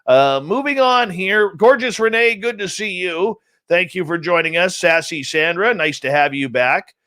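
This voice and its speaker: A man's voice: sits high, animated, normal speed, pushed and bright. Upbeat joking man hosting a stream. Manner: jokey, upbeat, rambling roll call with teasing nicknames. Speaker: radio show host. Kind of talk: casual live-stream chat, greeting chat room. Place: home studio in central British Columbia.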